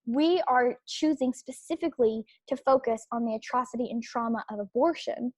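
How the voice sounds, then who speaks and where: A young adult woman delivers an opinion podcast monologue in a slightly high voice. She presses her points with repetition and stumbling restarts. The sound is close and dry, with no room around her. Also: normal speed, dry recording. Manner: emphatic, repetitive, with filler restarts. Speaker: podcast host.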